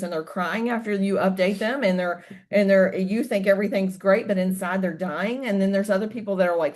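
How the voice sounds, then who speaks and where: Candid, animated woman telling stories. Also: medium pitch, normal speed. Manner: candid, animated storytelling, swears casually. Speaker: podcast guest, host's wife. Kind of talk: casual podcast chat.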